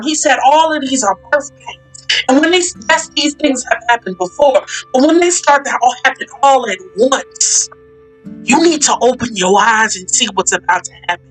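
A woman's voice: sits high, expressive, normal speed, a bit bright, soft background music, low-quality recording. A woman hosting a faith talk session, speaking fervently and emphatically in a preaching style, repeating her points.

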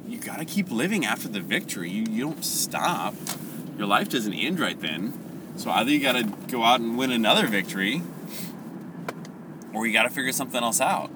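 Animated man retelling a Bible story. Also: mid-range voice, brisk, noisy background. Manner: animated, laughing, corrects himself. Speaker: Bible teacher. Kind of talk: casual Bible teaching.

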